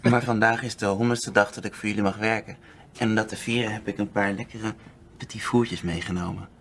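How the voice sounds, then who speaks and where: Brief: a man playing a polite employee, formal manner, lower register. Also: steady tone, brisk, a bit bright, a little hiss or hum.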